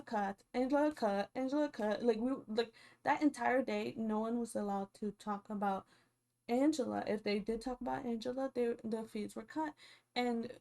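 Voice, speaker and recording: A young woman giving casual, animated commentary as a reality show vlogger, chatty and full of fillers. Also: a little high.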